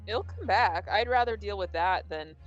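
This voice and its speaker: A woman's voice: mid-range voice, moderate pace, muffled recording, soft background music. A woman hosting a casual livestream chat, rambling with restarts and laughing easily as she reads out questions. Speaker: stream host reading would-you-rather cards.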